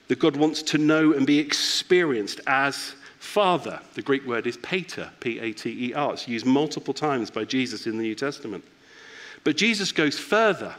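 A man's voice: medium pitch, fairly bright tone. Guy preaching at church, reflective, telling stories about his kids. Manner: reflective, personal storytelling. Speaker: pastor. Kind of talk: sermon.

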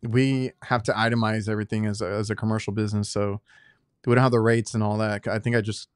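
A man's voice: lowish voice, level tone, fast talker, clear, resonant tone, dry recording, studio quality. An American man co-hosting a podcast, talking shop in an easygoing, chatty way. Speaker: podcast co-host, HVAC technician. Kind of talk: casual chat.

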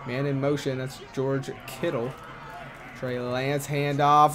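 A man hosting a gaming channel, giving casual play-by-play commentary over a football video game, talking quickly with fillers and restarts. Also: mid-range voice, flat delivery, noisy background. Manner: quick play-by-play with filler words and self-corrections.

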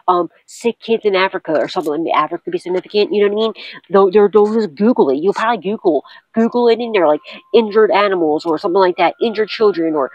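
A woman's voice: fairly low pitch, darkish tone, low-quality recording. A woman tarot reader in a casual vlog, talking bluntly and cursing often while she repeats urgent warnings to her viewers.

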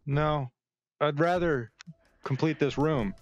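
A man's voice: on the high side, slow pace, highs cut off, faint music behind. A young man in casual gaming banter, panicking, screaming and trash-talking his teammates. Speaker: gaming video creator.

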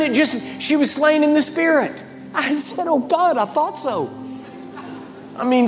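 An older man preaching a sermon as a guest speaker, telling stories with emphatic swings in pitch and volume. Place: large church sanctuary. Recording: reverberant church hall with faint music.

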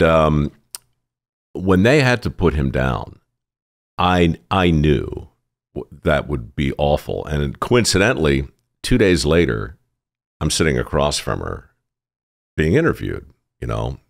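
A man's voice: rumbling low, sing-song, measured pace, gravelly. A man hosting a podcast in casual conversation, with dry, wry humor. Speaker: podcast host.

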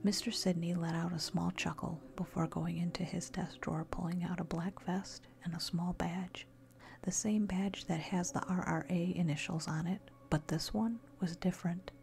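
A woman narrating a scary story in a soft, steady whisper. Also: on the low side, moderate pace, creaky.

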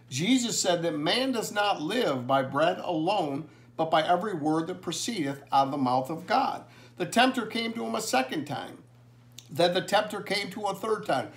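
A man preaching a family blessing sermon, earnestly reading scripture slowly and with emphasis. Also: fairly high pitch, expressive.

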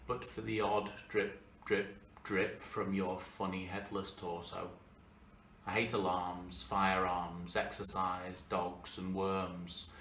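A man performing a spoken word poetry reading with a quiet, calm, sing-song delivery. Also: lowish voice, slight background noise. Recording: roomy, distant recording with faint ambience.

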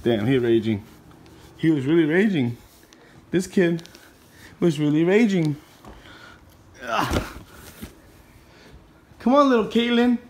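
A woman's voice: on the low side, lively intonation, slow pace, long pauses, a little mellow, slight background noise. A woman filming a prank on her son at home, teasing him and laughing through casual commentary into a handheld phone. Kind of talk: casual home vlog narration. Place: indoors at home.

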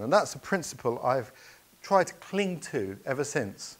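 A man's voice: medium pitch, sing-song, a little slow. A man telling adventure anecdotes in a keynote talk, earnest and anecdotal, with hesitations and restarts. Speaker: speaker.

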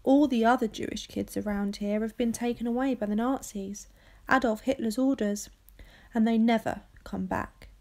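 A woman reading aloud gives voice to a caring older girl who explains things to the younger children. She speaks earnestly and a little louder than the narration, with a gravelly edge underneath. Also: on the high side, steady tone, normal speed, natural voice. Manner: earnest, gentle.

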